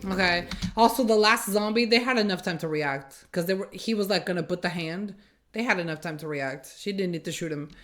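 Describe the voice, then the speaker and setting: A woman's voice: on the low side, a little fast, a little hiss or hum. A woman hosting a reaction video, giving casual commentary in a blunt, sarcastic, exasperated way.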